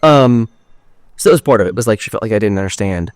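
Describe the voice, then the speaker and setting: A man's voice: on the low side, expressive, quick pace, darkish tone, no echo, clean studio sound. A young man hosting a podcast, telling a personal story in a candid, rambling way, full of "like" and casual swearing. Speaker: podcast host.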